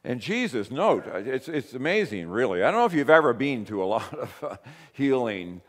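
A male pastor giving a conversational sermon in a church, mostly calm, rising to emphatic bursts. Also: medium pitch, moderate pace. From grew up in a Pentecostal church. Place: church sanctuary. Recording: long hall reverb.

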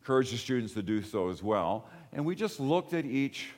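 A man preaching a sermon as pastor, rising loud on key phrases and dropping low and quiet for personal asides. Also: sing-song, fairly quick. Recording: long hall reverb.

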